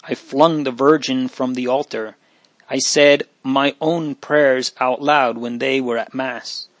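A proud, spirited teenage countess from a storybook, bold and defiant as she tells her story, voiced by a man reading aloud. The voice sits at a middling pitch. The recording is close and dry, with no room sound. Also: steady tone, takes it slowly, a bit bright, no room sound.

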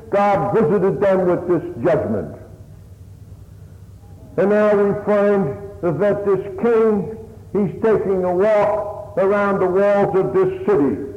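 An earnest man preaching a sermon in a fairly high voice, pushing up for emphasis and sinking low for quieter reflection. He sounds like he is in a large reverberant hall. The sound is thin and phone-like. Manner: earnest, plain-spoken, rising and falling emphasis. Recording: echoey hall on a tinny line.

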